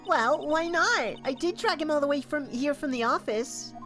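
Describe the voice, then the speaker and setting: A whiny, pleading young girl in a courtroom game, voiced live by a streamer. Her voice sits very high and thin. Faint music plays under the read. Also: normal speed, fairly bright tone. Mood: chirpy. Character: earnest young girl, the defendant's little sister.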